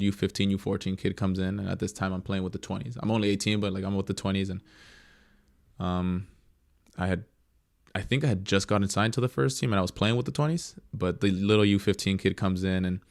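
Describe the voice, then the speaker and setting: A young man with a low, gravelly voice recounts his career as a goalkeeper in a relaxed interview. He is reflective and gets lively when acting out what others said. The sound is close and dry. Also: a little fast, no echo. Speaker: professional goalkeeper guest. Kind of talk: casual interview storytelling.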